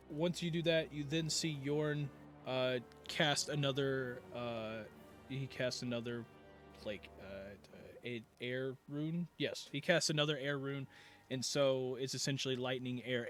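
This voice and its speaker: A man narrating a tabletop game as game master, rambling through the scene with many fillers and restarts. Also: mid-range voice.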